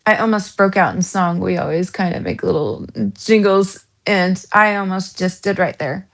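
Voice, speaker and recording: A woman's voice: on the low side, normal speed. A woman from the American South with a Southern accent, hosting a casual true crime chat, giggly with lots of ums and restarts. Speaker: true crime channel host.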